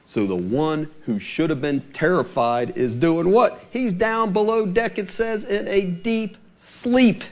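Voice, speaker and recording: A middle-aged man preaching a sermon as pastor, animated and asking his listeners rhetorical questions. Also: sits high, takes it slowly, few pauses.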